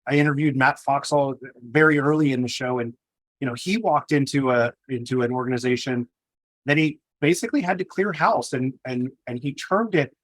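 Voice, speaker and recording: Male podcast host, reflective and conversational, slightly higher voice, dry close mic. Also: a bit bright, dry recording. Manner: reflective, shares lessons from past guests. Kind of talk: conversational interview talk.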